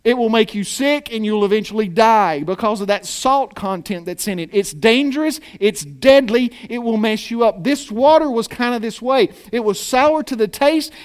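A high-voiced male pastor preaching in a church. He is animated and keeps throwing rhetorical questions at the congregation. He mixes in playful, joking asides. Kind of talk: sermon. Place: church hall.

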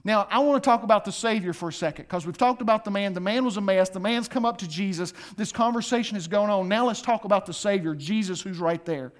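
High-voiced preacher swinging hushed to loud. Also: male voice, fast, hardly any pauses. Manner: acts out voices while reading scripture. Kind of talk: sermon.

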